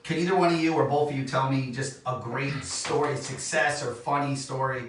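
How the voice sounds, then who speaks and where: A man's voice: mid-range voice, fairly even intonation, moderate pace, a little hiss or hum. A man hosting an interview, upbeat and prompting his guests with questions. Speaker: podcast host. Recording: echoey room from far off.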